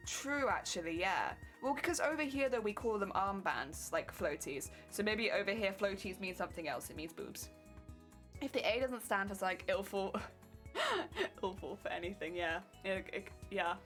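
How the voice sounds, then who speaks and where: A woman's voice: mid-range voice, sing-song, moderate pace, fairly bright tone, soft background music. Giggly English woman streamer. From England. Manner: chatty, giggly, rambling with many fillers. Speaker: cosplay streamer. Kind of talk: casual live-stream chat while crafting.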